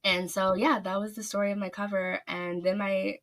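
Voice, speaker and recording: A woman's voice: medium pitch, little pitch movement, moderate pace, a bit bright. A woman author telling a long story in a casual podcast interview, gushing and rambling with many fillers. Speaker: author guest.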